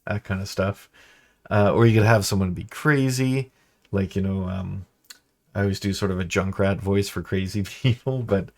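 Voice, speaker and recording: A man's voice: low-pitched, steady tone, normal speed, gravelly. A man chatting casually as a game master host, easygoing and meandering. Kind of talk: casual instructional chat.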